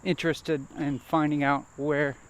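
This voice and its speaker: A man vlogging as he walks a nature trail, thinking aloud in a halting, hesitant way and repeating words. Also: on the high side, little pitch movement. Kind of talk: rambling self-reflective monologue while walking. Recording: faint outdoor noise.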